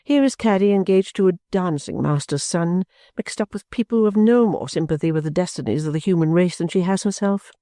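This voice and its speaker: A woman voicing a self-absorbed middle-aged mother who talks in a calm, clear, smoothly condescending tone, in an audiobook reading. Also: on the low side, a little fast, no room sound, studio quality. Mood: serene, dismissive. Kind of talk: audiobook character voice.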